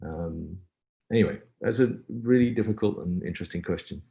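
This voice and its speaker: A film composer answers questions in a webinar Q&A over a video call, reflective, wry and self-deprecating. His voice sits low and dark with vocal fry, at a moderate pace.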